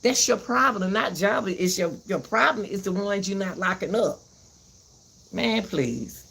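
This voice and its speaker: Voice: mid-range voice, lively intonation, a little slow, creaky, pushed and bright, breathy edge. A host giving a heated commentary rant, repeating herself and cursing as she vents. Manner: fiery, repeats herself, cusses.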